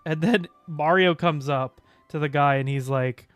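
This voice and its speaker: Excitable man chatting on stream. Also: fairly high pitch, moderate pace, smooth, dry recording, faint music behind. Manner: chatty and excitable, with sudden gasps and little hummed tunes. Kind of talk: casual chat.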